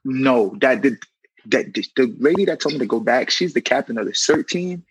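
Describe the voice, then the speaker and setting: Gravelly young man telling a story. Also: mid-range voice, normal speed, dry recording, poor audio. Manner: animated, acts out quoted dialogue; conversational, frequent "you know". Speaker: correctional officer. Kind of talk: casual personal storytelling.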